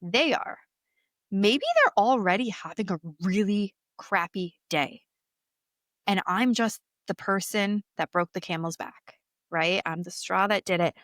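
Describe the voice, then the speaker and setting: A woman's voice: medium pitch, a little slow, a bit bright, dry recording, studio quality. A woman speaking candidly in an interview, telling her own story openly and animatedly, often breaking into laughter. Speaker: guest.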